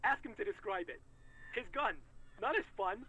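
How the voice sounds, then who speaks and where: A man's voice: high-pitched, normal speed, slight background noise. An actor playing a crude male police officer mocking a colleague over the radio in a video game. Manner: jeering, crude, lively.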